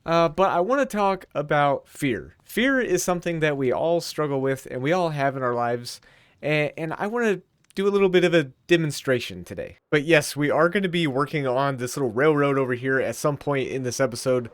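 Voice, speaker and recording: A man's voice: fairly high pitch, animated, fairly quick, clean tone, no echo, studio quality. A man narrating his Minecraft let's play in an earnest, chatty, rambling way. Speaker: gaming YouTuber.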